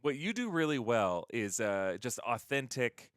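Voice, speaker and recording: A man's voice: mid-range voice, very animated, unhurried, smooth. A man in a middling register trades easy banter as a stream guest, his humor dry and self-mocking. The recording is close and dead, with no echo at all. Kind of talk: casual live-stream chat.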